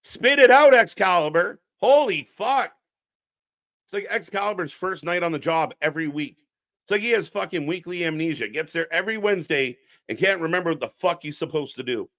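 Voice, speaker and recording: Guy hosting a live wrestling watch-along, swears a lot, sarcastic, kinda higher voice. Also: lively intonation, fairly quick, fairly bright tone. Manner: blunt, profane and sarcastic, riffing to the chat. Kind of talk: unscripted live alternative commentary.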